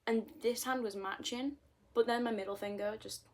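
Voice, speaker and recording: A woman's voice: on the high side, steady tone, normal speed. Rambling British woman in her twenties. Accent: British English. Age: 20s. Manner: rambling, self-mocking, jumps between topics. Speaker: vlogger. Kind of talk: casual chatty monologue.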